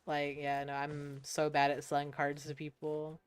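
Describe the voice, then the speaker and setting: While streaming a game, a young woman from the US casually recounts stories in a low-pitched, monotone voice at normal speed, clear and resonant. She's relaxed, swears a lot, laughs often, and acts out the people in her stories.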